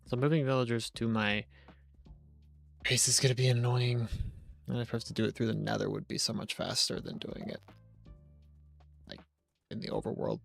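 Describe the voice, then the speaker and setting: A young man talks through a live game stream in a loose, chatty, self-joking way. His mid-pitched voice has a lot of vocal fry in it. Faint game music sits quietly behind his desk-mic sound. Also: animated, normal speed, long pauses. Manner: rambling, chatty, jokey, talks to chat. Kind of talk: casual gameplay commentary on a live stream.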